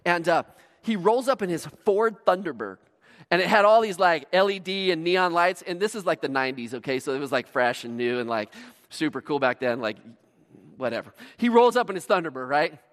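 A man preaching a sermon as pastor, telling stories with dramatic swings from hushed to shouting. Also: fairly high pitch, fairly quick. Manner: animated storytelling, dramatic swings from quiet to shouting. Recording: long reverb of a large hall.

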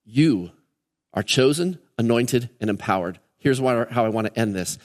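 A man's voice: medium pitch, lively intonation, moderate pace, darkish tone. A man preaching a Sunday sermon as pastor, earnest and emphatic, hammering key words in threes. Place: church sanctuary during a service. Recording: long reverb of a church hall.

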